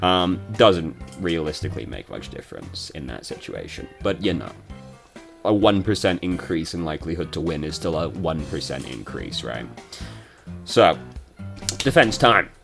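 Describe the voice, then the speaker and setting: A young man giving casual, swearing-prone commentary while reviewing someone's gameplay, with quick asides to the viewer. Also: very deep voice, big pitch swings, creaky, over music. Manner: swears and rants when frustrated, quick asides. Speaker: game reviewer.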